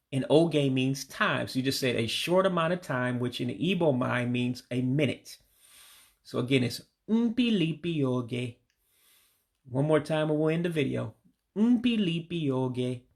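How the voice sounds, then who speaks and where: Gravelly man teaching vocabulary slowly. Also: mid-range voice. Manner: patient, repeats words slowly and drops his voice on the English meaning. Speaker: language learner teaching vocabulary. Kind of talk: casual spoken language lesson.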